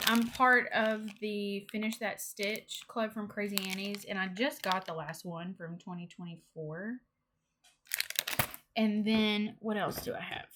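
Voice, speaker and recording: Young woman chatting slow and easy about her stitching haul, giggly, gushy. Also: mid-range voice, background noise. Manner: chatty and excitable, with giggles and gushing. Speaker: cross-stitch vlogger. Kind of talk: casual show-and-tell haul chat.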